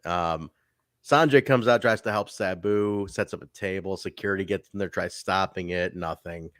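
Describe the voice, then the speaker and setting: A man co-hosting a casual podcast chat, animated, swearing and laughing often. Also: low-pitched, normal speed, dry recording, studio quality. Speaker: podcast co-host. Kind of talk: casual chat reviewing wrestling.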